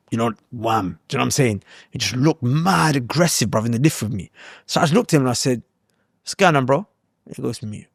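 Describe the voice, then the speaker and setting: A man's voice: medium pitch, gravelly, dry recording, clean studio sound. A young man, telling stories in a casual, slangy podcast chat and often repeating himself. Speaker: podcast host.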